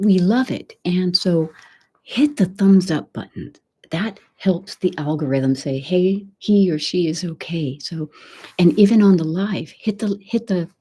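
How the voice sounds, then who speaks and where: A woman with a Texan accent hosting a live ASMR stream, chatting softly and slipping in and out of a whisper. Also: fairly low pitch, a little slow, breathy edge. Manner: soft-spoken, drifts between whisper and voice. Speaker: ASMR channel host.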